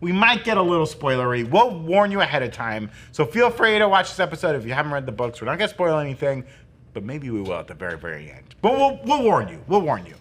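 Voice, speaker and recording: A man hosts a chatty TV review show and keeps the talk moving with jokes. His voice sits fairly high and swings widely in pitch. The tone is bright and forward. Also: very animated, fast, few pauses. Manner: jokey, laughs often, does voices. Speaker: show host. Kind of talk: casual pop-culture review chat.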